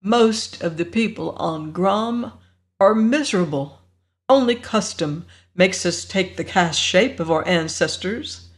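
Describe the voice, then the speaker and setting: A narrator voicing Jer, a young shape-shifting alien living as a dog, easygoing and stubborn, in a slow storybook reading. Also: mid-range voice, animated. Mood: persuasive.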